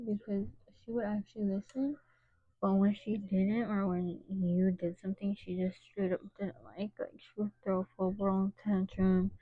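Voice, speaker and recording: A woman's voice: mid-range voice, dry recording, phone-quality sound. A woman in her twenties chatting casually as a vlogger, telling an exasperated storytime full of "like" asides.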